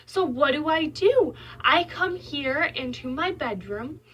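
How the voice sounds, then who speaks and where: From her bedroom, a young mother of five shares a heartfelt, faith-filled vlog, speaking earnestly and emotionally. Her voice sits high and is animated, slow and a bit bright; the highs are cut off and she sounds slightly distant from the mic.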